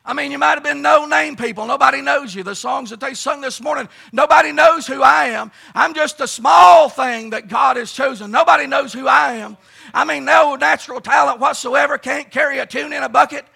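High, gravelly shouting preacher. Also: male voice, a little fast. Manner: fervent, folksy storytelling with frequent "uh" and "let me tell you something". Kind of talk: shouted revival sermon. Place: camp meeting service.

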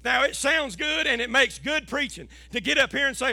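A middle-aged man, preaching an impassioned sermon as a pastor and rising to shouts. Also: very high-pitched, expressive, brisk, hardly any pauses, dry recording.

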